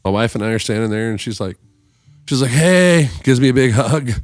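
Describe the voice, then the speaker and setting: A man with a lowish voice spins an animated, profane story across a podcast table and acts out every character he quotes. The studio sound is dry and close, with no room echo. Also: fast, soft background music. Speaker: podcast guest musician. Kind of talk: casual storytelling.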